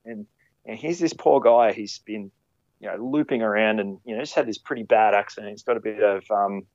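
A ski patroller, recounting rescues in a halting way with many fillers and restarts. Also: male voice, lowish voice, darkish tone, no echo, muffled recording. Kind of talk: conversational storytelling.

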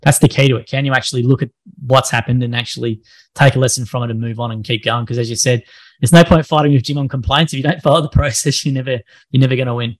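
A man's voice: medium pitch, fairly even intonation, quick pace. A man hosting a casual interview, encouraging and affirming his guest. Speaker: podcast host.

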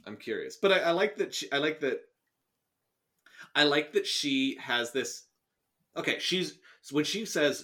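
A man co-hosting a casual podcast chat, animated and sarcastic, laughing and restarting his sentences as he reacts to a story he reads aloud. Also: a little high, a little slow, pauses often.

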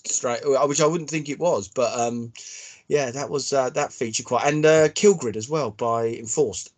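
A man's voice: mid-range voice, normal speed. A man from the United Kingdom co-hosting a podcast, casually bantering and reading out listener messages, with the odd swear. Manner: banter, swears freely, reads comments aloud. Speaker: podcast co-host.

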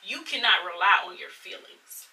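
Bright-voiced woman sharing an earnest testimony. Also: fairly low pitch, expressive, normal speed, gravelly, recorded from a distance, poor audio. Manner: emotional, earnest, many "like"s and "y'all"s. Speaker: podcast co-host. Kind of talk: casual faith testimony chat.

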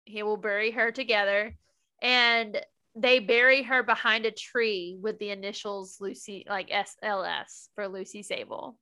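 A woman's voice: mid-range voice, fairly even intonation, a little slow, bright, forceful tone, clean tone. A young woman co-hosting a casual podcast, recapping a TV episode in an emotional, gushing way. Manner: emotional, gushing recap with laughs and quoted lines. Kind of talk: casual chat.

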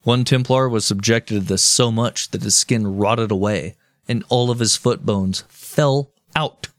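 A man's voice: lowish voice, unhurried, dry recording. A man hosting a casual podcast, telling history in a profane, jokey way. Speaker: podcast host.

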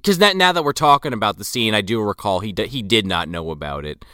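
A man's voice: fairly low pitch, expressive, fast, pushed and bright, dry recording, studio quality. A man co-hosting a casual podcast, joking and swearing while recapping a movie. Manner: joking, profane, quips in character. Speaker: podcast co-host.

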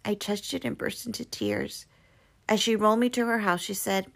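Woman reading a book out loud, lotsa vocal fry, expressive, trips on words sometimes. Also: medium pitch, moderate pace. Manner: expressive, with small slips and restarts. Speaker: reader. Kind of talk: reading a novel aloud.

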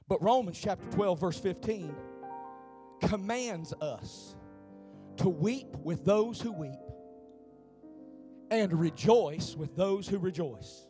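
A man preaching a sermon in a church, building from low talk up to shouting with the congregation. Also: lively intonation, slow. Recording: piano music behind.

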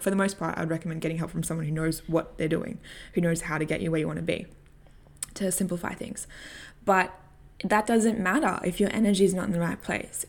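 A woman's voice: fairly low pitch, creaky. A young woman vlogger telling a story and giving coaching tips in a candid, casual way, swearing freely and laughing often. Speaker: personal growth vlogger.

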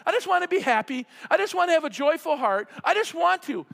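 A man preaching a sermon, fervent and often yelling with excitement. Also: extremely high pitch, quick pace, creaky. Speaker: pastor. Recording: preacher in a hall with long reverb.

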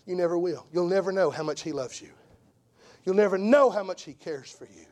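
A man preaching an impassioned sermon as an evangelist, repeating phrases for emphasis and swinging from hushed tones to shouts. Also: sits high, a little fast.

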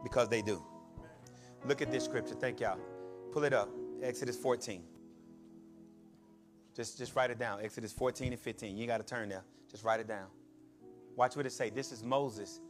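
A man preaching a sermon, calling out to his congregation and building to shouts. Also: medium pitch, fairly even intonation, normal speed, pauses often, music in the background. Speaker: pastor.

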